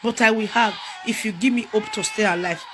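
A woman's voice: mid-range voice, fairly quick, noisy background. A young woman with a Nigerian accent, crying as she makes a repetitive, emotional plea for help as a mother. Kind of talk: tearful public appeal. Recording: loud music behind voice. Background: music.

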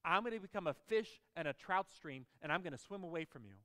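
A man's voice: fairly high pitch, expressive, quick pace, sharp tone, in a large hall. A man voicing a defiant little runaway bunny while reading a storybook aloud.

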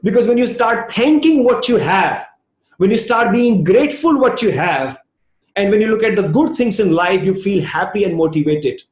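Indian male trainer, motivational storyteller, higher pitch, roomy echo. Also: lively intonation, moderate pace. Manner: storytelling, acting out both sides of a dialogue. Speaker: leadership trainer. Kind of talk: motivational talk.

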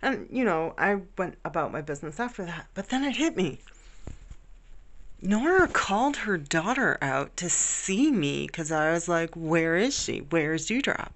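A woman's voice: lowish voice, sing-song, unhurried, a bit bright. A woman casually telling a rambling, affectionate story about her pets at home. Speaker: vlogger. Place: home bedroom.

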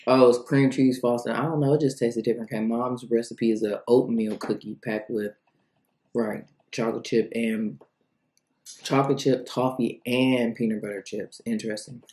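A woman's voice: extremely low pitch, steady tone, moderate pace, mellow, reverberant. A woman reviewing cookies in a casual food vlog, chatty and rambling, thinking aloud between bites.

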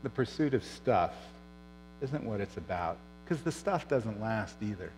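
A middle-aged man preaching a sermon as pastor, telling stories and dropping soft and low on serious points. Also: animated, measured pace, big-room sound, soft background music, low-quality recording. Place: church.

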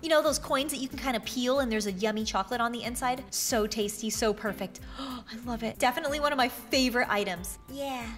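A bubbly woman chatters through excited gameplay commentary, her voice sitting high and bright as she gushes over every new find. She gasps with delight often and keeps a quick, breathless sense of wonder. Soft music plays faintly underneath her. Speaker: YouTuber showing items in an online game.

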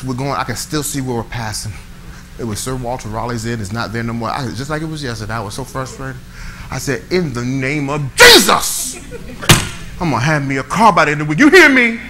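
A middle-aged man, preaching a conversational, animated sermon with call-and-response to a church. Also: medium pitch, noisy background. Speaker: pastor. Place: church sanctuary.

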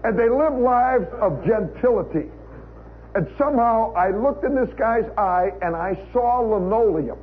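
A man's voice: high voice, animated, a little slow. An American man telling a humorous story in a wry, conversational way, full of asides, on a live radio show. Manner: wry, conversational, with frequent "you know" asides. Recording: tinny 1960s radio broadcast recording, faint hiss.

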